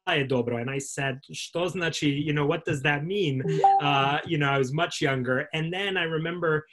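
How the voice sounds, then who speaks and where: A man's voice: on the high side, normal speed, fairly bright tone, slight background noise. A man hosting an interview over a video call, telling stories in a hesitant way with many fillers and restarts. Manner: hesitant, filler-heavy storyteller. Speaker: host, interviewer.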